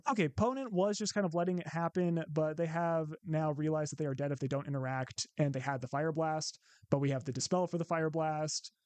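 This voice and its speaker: A man's voice: on the high side, fairly quick, hardly any pauses, darkish tone, no room sound. Chatty Midwestern man calling his plays. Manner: thinking aloud, chatty, counting out plays. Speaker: gameplay commentator. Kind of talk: casual gameplay commentary.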